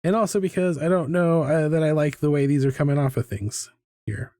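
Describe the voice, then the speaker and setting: A middle-aged man with a fairly high voice chats casually as he sketches, wandering from topic to topic and poking fun at himself. His sound is dry and close, with no room around it. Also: a little fast, a little mellow, dry recording. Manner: rambling, self-mocking and chatty. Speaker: artist hosting a live drawing stream. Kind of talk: casual chat while drawing. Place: home art studio.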